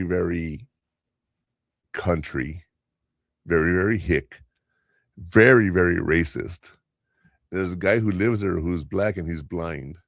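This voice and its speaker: Speaking low with noticeable vocal fry, an older male podcast host rambles through casual stories and voices the people he quotes. The recording is dry and of studio quality.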